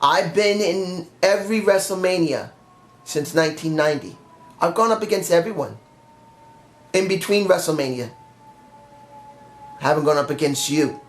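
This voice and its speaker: A man voicing a menacing veteran male wrestler who taunts with slow, goading questions. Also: fairly high pitch, expressive, natural voice. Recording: roomy echo.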